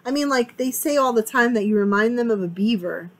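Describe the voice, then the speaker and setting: A woman's voice: on the high side, lively intonation, a little fast, rough recording. A woman giving a casual, rambling tarot reading at home, chatty and prone to repeating herself. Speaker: tarot reader. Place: home, sitting on a couch area with a fan on.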